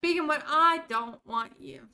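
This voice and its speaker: A woman's voice: high-pitched, normal speed, sharp tone. An American woman streaming a game live, chatting casually and talking to her viewers by name while she plays.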